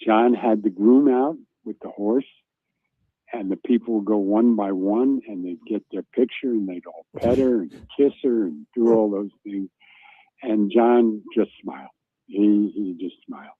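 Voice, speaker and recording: A man, a former racing reporter, telling a lively story as a guest on a talk show and acting out the shouts he remembers. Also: on the low side, measured pace, no room sound. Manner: animated anecdotal storytelling, acts out shouts. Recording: dry tinny phone line.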